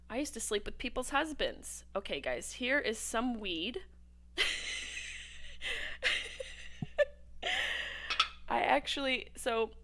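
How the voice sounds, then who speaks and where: Woman hosting a livestream hangout, brash and sweary, hops between topics, gets loud and squeaky when excited. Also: slight background noise. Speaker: host. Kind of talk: casual livestream watch-party chat.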